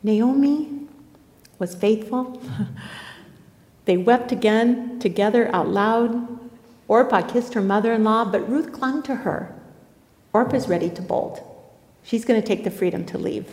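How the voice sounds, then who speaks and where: A woman giving an earnest, expressive sermon on a Bible passage, retelling and explaining the story. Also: on the high side, unhurried, pauses often. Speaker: Bible teacher. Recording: echoey hall.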